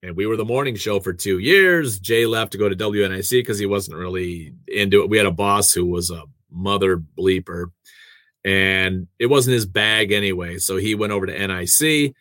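A man's voice: low voice, moderate pace, bright, forceful tone, no echo. A man in casual conversation, telling the story of his career as a radio host and producer with self-deprecating asides.

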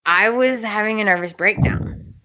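A woman's voice: medium pitch, moderate pace, bright, forceful tone. A woman co-hosting a podcast, animatedly recapping soap opera scenes, laughing often and acting out characters' lines. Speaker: podcast co-host.

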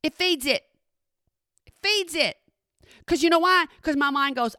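Middle-aged woman talking right at her followers, high bright voice, super dramatic. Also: unhurried, dry recording, studio quality. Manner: animated, dramatic, talks straight to the audience. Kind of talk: casual storytelling to followers.

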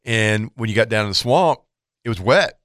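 A man co-hosting a fishing show, telling a long hunting story in a relaxed, chatty way and acting out what each person said. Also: fairly low pitch, moderate pace, no room sound, studio quality. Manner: animated storyteller, acts out quoted exchanges. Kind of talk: casual storytelling.

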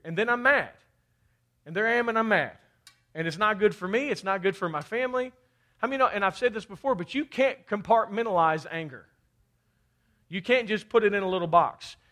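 A man's voice: high voice, expressive, brisk, bright, forceful tone. A man from Kentucky preaching a fervent sermon, often calling out for amens. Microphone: handheld or head mic.

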